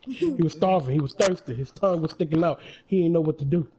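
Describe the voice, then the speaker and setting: A man's voice: a little high, fast talker, dark tone, lo-fi sound. A young man chatting while gaming and telling a rambling, made-up bedtime story to a kid. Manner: laid-back, rambling storyteller. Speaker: gamer and storyteller. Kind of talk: casual chat while gaming, improvised story.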